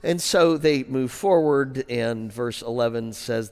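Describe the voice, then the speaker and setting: A man pastor preaching a sermon in a conversational way, with wry asides and quieter serious points. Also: medium pitch, slow pace, clean tone, big-room sound.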